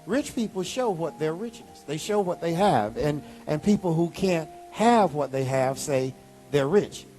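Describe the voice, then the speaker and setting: A man pastor preaching a sermon, animated, with sudden high exclamations. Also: measured pace, soft background music.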